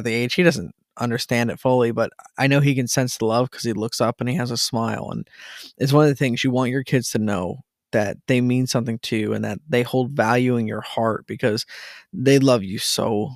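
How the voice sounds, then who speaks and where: Man, 30s, podcast host, earnest, gravelly, dry close sound. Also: medium pitch, dry recording. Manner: earnest, repeats words when excited. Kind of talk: casual solo talk to listeners.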